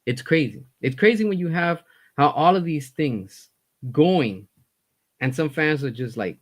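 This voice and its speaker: A man with a somewhat high voice delivers a heated, blunt rant. He swears freely and repeats phrases to drive his point home. His fed-up tone stays intense throughout. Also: expressive, normal speed. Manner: fired-up, blunt, swearing, repeats himself for emphasis. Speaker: commentary host.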